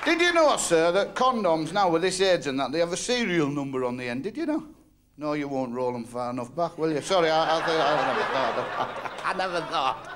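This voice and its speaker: A brash stand-up comedian with a Northern English accent, firing off crude jokes in a high voice. He is on a club stage with a microphone, and a faint audience sits behind him. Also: very animated, crowd noise, noisy background. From North West England. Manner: brash, blunt, quick-fire joke telling with crude punchlines.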